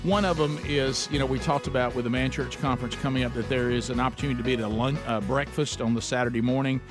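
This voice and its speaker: A man's voice: medium pitch, fairly even intonation, fast talker, over music. A man hosting a radio talk show, easygoing, with a habit of laughing along.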